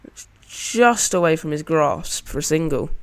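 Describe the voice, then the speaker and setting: A man's voice: on the high side, animated, measured pace, clear, resonant tone. A man giving casual, chatty commentary over his own gameplay as a channel host, narrating each shot as he plays it.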